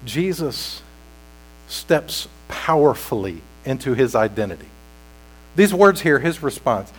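A man preaching a sermon as pastor, slow and deliberate, building to loud, emphatic peaks while sweating. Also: mid-range voice, sing-song, low-quality recording.

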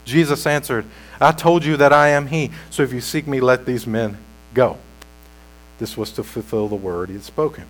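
A man preaching a sermon as pastor, slow and deliberate, building to loud, emphatic peaks while sweating. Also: medium pitch, rough recording.

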